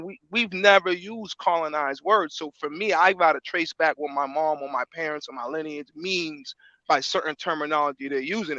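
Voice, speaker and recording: A man's voice: on the high side, pushed and bright, dry recording. Rambling man on a dull lo-fi line. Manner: rambling, filler-heavy, constant "like". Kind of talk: casual chat. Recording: dull lo-fi dry sound.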